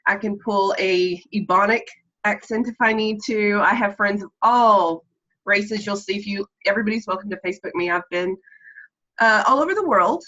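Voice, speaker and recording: A woman's voice: mid-range voice, normal speed, bright, forceful tone. A woman from Texas with a mild Texan accent, chatting earnestly on a video call and rambling with many ums. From Texas, USA. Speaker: meeting participant. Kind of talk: casual chat on a video call. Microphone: computer mic on a video call. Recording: slightly muffled call audio.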